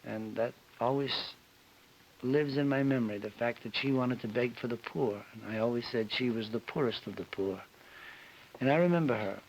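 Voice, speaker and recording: A celebrity guest on a television panel show tells an emotional personal story in a medium-pitched voice at a moderate pace. The recording is a dull 1961 TV broadcast with hiss.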